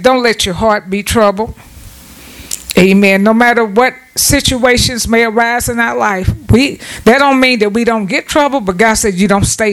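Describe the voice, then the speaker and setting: A woman preaching a devotional sermon at home, earnest and repetitive, often breaking in with amens. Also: medium pitch. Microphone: self-set camera.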